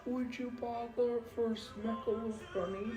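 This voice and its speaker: A woman's voice: on the high side, fairly even intonation, measured pace, echoey room, rough recording. A woman hosting a casual livestream, rambling with lots of fillers and laughing at herself. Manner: rambling, filler-heavy, self-deprecating. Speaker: livestream host. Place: home room. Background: faint music playing.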